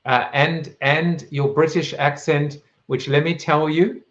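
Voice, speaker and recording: A man's voice: fairly high pitch, fairly even intonation. South African man hosting, lo-fi audio. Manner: rhetorical, playful, quick asides. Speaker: show host. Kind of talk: live-streamed talk show.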